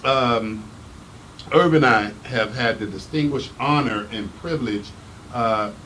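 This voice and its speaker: A man hosting a casual talk show, animated and emphatic, teasing his guest. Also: medium pitch, slow, slight background noise, rough recording. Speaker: host. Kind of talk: casual chat.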